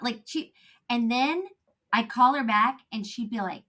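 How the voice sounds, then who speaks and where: Bright high-voiced animated woman. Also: moderate pace. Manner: animated, laughing, acts out quotes. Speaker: guest. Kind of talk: casual interview chat.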